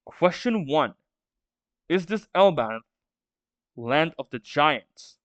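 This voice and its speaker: A man's voice: a little high, animated, takes it slowly, fairly bright tone, no room sound, dull audio. A man voicing a menacing pirate captain who bluntly demands answers, reading a manga aloud. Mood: demanding.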